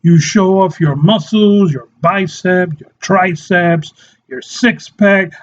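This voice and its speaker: High-voiced sarcastic man, slow and lo-fi. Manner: sarcastic, often breaks into laughter; acts out short quoted voices. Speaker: satirical commentator. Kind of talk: mock-serious satirical monologue.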